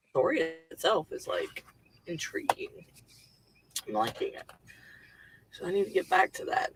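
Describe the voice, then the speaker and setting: A woman's voice: low-pitched, a bit bright, low-quality recording. A woman hosting a casual livestream from her home computer on a headset, rambling loosely with lots of fillers and the odd swear word. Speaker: livestream host and writer.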